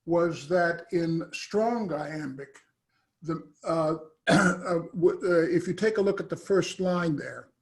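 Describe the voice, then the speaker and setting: A man, a professor, asking a long question after an academic talk, halting often with "uh" and restarting his sentences. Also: a little high. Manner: hesitant, halting, many "uh" and restarts.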